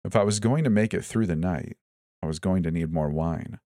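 Deep-voiced male horror narrator. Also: a little fast, dark tone, no echo, studio quality. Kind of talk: first-person horror story narration.

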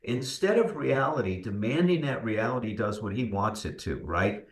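A man in a podcast discussion, explaining ideas thoughtfully and often checking in with "right?". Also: lowish voice. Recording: roomy echoing room.

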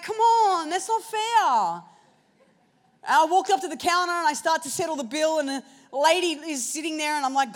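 Aussie woman preaching, high voice, goes quiet then loud telling her story. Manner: personal storytelling, swinging between hushed and loud. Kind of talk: sermon.

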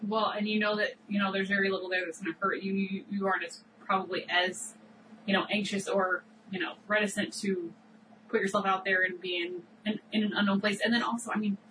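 A woman's voice: mid-range voice, little pitch movement, fairly quick, far from the mic, background noise. A woman co-hosting a podcast, talking over a TV episode in a rambling, reflective way with many fillers. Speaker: podcast co-host. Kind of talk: casual chat recapping a TV episode.

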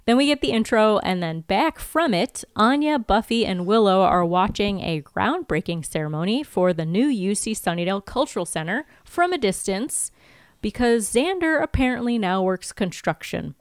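A woman's voice: medium pitch, normal speed, clean tone, dry recording, clean studio sound. Congested woman recapping an episode. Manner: lively storytelling with laughs. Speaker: podcast co-host. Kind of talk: casual recap chat.

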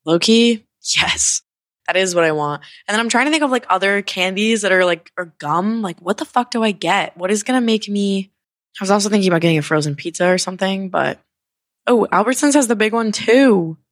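A woman's voice: medium pitch, animated, fairly quick, no room sound. A young woman hosting a casual podcast, rambling and distracted, swearing often, irritable and with a sore throat. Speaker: podcast host. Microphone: handheld microphone.

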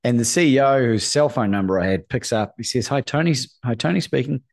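A middle-aged man, a guest on a podcast, telling a story in a lively way, acting out the people he quotes and often asking "right?". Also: medium pitch, a little fast, vocal fry. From Australia. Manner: acts out quoted voices, often asks "right?". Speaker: guest, courage coach. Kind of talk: animated storytelling in a podcast interview.

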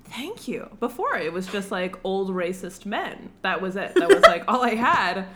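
A woman's voice: mid-range voice, very animated, normal speed, crowd noise. A young adult woman co-hosting a podcast in casual, rambling, self-mocking chat. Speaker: podcast co-host.

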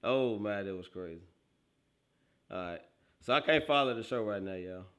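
A man hosting a casual livestream, reacting excitedly to football highlights, laughing often and talking straight to his chat. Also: moderate pace, clear, resonant tone. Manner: excitable, laughs often, bursts into loud outbursts, talks to chat; slangy, animated football banter. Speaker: livestream host.

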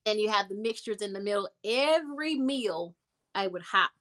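A young adult woman telling a personal story in a conversation, animated and emphatic, repeating words for effect. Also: mid-range voice, moderate pace. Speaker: guest.

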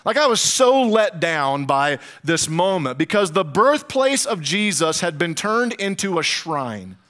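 A man preaching a sermon as pastor, telling a travel story with dramatic pauses and comic asides to the congregation. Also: high-pitched, big pitch swings, fairly bright tone.

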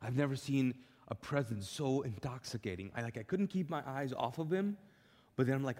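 A middle-aged male pastor telling a personal story in a sermon, lively and acting out the dialogue. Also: medium pitch, fairly quick. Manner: animated, acts out quoted dialogue. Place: church auditorium, live. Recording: long reverb of a large church hall.

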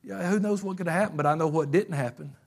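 A man preaching a fervent sermon, telling stories and swinging from loud bursts to hushed passages. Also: fairly high pitch, fast, gravelly.

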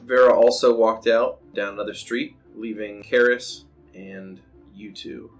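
A man narrating as game master of a tabletop game in a relaxed, teasing way. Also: on the low side, unhurried, faint music behind.

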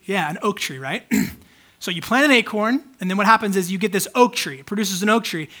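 Man, pastor, high-pitched, casual sermon, candid, chatty with fillers. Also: lively intonation, a little fast, bright, forceful tone. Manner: conversational, candid, many fillers.

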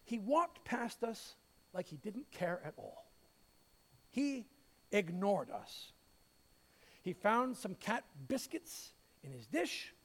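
High-voiced pastor preaching in a reverberant hall. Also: male voice, slow pace, pauses often. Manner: storytelling with light humor, expressive. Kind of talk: sermon.

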